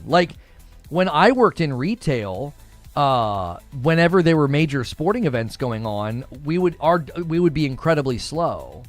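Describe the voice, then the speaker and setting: A man hosting a casual livestream, chatting about news and reading viewer messages in an animated way, laughing often. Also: a little high, normal speed, dry recording, soft background music. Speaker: livestream host.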